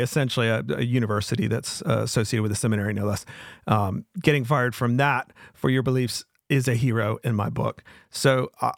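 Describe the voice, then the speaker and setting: A man's voice: mid-range voice, vocal fry, dry recording, studio quality. A middle-aged man from the American South hosting his own show in an earnest, emphatic monologue that often repeats itself. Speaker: podcast host.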